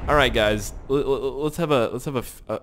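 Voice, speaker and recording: A man giving casual gameplay commentary as a YouTuber, rambling and self-mocking, with swearing and sudden excited outbursts. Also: mid-range voice, a little fast, background noise. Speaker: gaming YouTuber.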